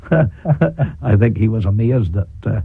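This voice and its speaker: Man, Northern Irish accent, forthright, husky, dry tinny 1980s radio sound. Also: on the low side, expressive, no room sound. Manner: forthright, deliberate, chuckles often. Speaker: politician and preacher, interview guest. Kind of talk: radio interview. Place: radio studio.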